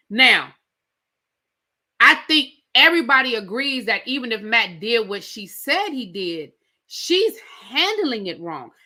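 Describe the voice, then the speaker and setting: A bright, high-pitched woman with cadence runs through a reality TV episode. Her voice swoops up and down as she acts out the cast's lines and throws in slangy asides, all in an easy, chatty recap. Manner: animated storyteller acting out quotes, slangy asides. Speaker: reality TV reviewer. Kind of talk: casual recap commentary.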